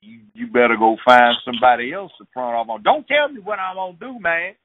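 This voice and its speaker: A man voicing a calm, weary working man who is waiting for a bus and refuses to be provoked. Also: brisk, no room sound. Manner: low, even, patient. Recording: tinny dry phone line.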